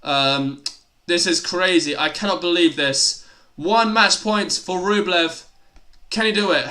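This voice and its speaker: A young man giving excitable live play-by-play tennis commentary on a stream, exclaiming at big points and chatting casually between them. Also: high voice, unhurried.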